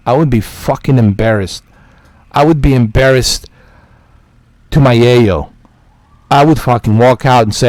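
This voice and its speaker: Exasperated man, profane gaming rant, repeats himself, average pitch. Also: expressive, moderate pace, long pauses, a little mellow, no echo. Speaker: gaming vlogger. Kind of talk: heated rant to camera.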